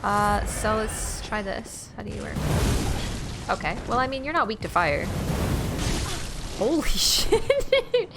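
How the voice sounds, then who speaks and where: A woman streaming a video game, chatting casually, excitable and laughing, swearing freely. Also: mid-range voice, measured pace, pauses often, very noisy. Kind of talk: casual gameplay commentary.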